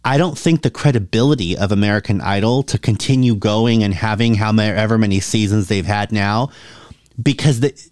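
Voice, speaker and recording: Chatty man with a low voice. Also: normal speed, darkish tone, no echo, clean studio sound. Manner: chatty, opinionated, laughs often. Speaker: host. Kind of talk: casual reaction commentary.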